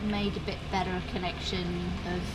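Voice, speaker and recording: A woman vlogging outdoors on a handheld phone, chatting in a rambling, casual way that sometimes turns soft and subdued. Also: fairly low pitch, little pitch movement, normal speed. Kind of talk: casual walking vlog. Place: outdoors on a street. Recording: noisy outdoor street.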